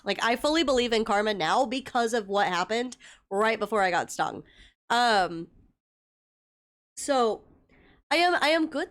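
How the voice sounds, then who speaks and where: A young woman chatting casually with her viewers as a livestreamer, telling stories and swearing freely. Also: on the high side. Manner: chatty storytelling with frequent swearing; greets viewers by name.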